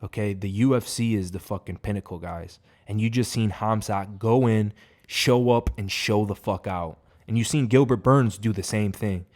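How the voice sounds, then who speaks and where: A man's voice: lowish voice, moderate pace, a little mellow. A man giving a casual, profane fight reaction, rambling and emphatic. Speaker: MMA reaction host.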